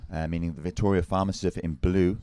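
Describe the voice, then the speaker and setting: Deep-voiced male surf commentator. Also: level tone, mellow, smooth, no echo. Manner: measured, informative score updates. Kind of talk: live sports commentary.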